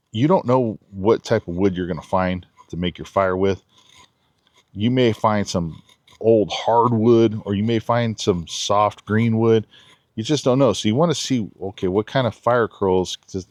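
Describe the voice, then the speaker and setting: A low-voiced man talks through a knife demo in a relaxed, chatty way, breaking into small giggles now and then. The sound is dry and close, with no room around it. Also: dry recording. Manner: chatty, laid-back, giggly asides. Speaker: knife reviewer. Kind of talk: casual outdoor demo talk. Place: backyard outdoors.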